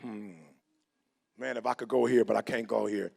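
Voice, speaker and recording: A middle-aged motivational speaker delivers a preacher-style talk in a fairly low, vocal-fried voice at normal speed, with a little hiss or hum on the recording. He's animated, acting out both sides of his stories in quoted voices.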